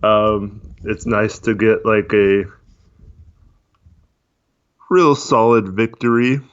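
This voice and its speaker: A man chatting casually on a livestream, talking in a monotone with many fillers while reading chat. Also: fairly low pitch, slow. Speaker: podcast co-host. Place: voice only on a live stream. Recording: dull lo-fi stream audio.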